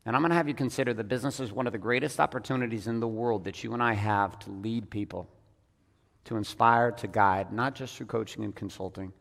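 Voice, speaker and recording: A man leading a business audience as a coach, talking bluntly and with lots of swearing, swinging between loud emphatic bursts and hushed, intense passages. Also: fairly low pitch, steady tone, fairly quick, gravelly, long reverb tail. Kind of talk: profane motivational talk on stage.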